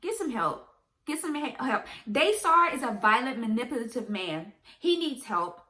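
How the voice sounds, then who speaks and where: A woman's voice: on the high side, very animated, moderate pace, pushed and bright. A young woman, ranting emphatically and repeating herself in a vlog to camera. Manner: impassioned, repetitive, emphatic ranting. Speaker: vlogger. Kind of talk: direct-to-camera commentary vlog.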